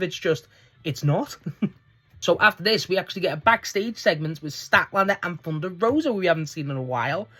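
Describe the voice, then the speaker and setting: A man's voice: on the high side, expressive, fairly quick, bright, forceful tone. A man giving a casual, rambling solo review of a wrestling show, swearing and laughing as he goes.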